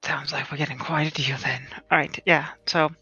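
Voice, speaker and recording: A tabletop game player dealing politely and in a measured way. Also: mid-range voice, steady tone, pushed and bright, slightly rough, dry recording. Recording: dull lo-fi with faint music.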